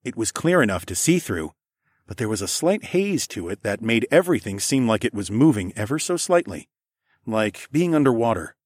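A man reading a first-person story as an audiobook, relaxed storytelling with casual asides. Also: medium pitch, normal speed, no room sound, clean studio sound. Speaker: audiobook narrator.

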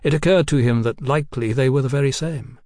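A man giving a measured, unhurried scripted reading of a novel, recorded close on a studio mic. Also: mid-range voice, a little mellow, no room sound. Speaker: audiobook narrator.

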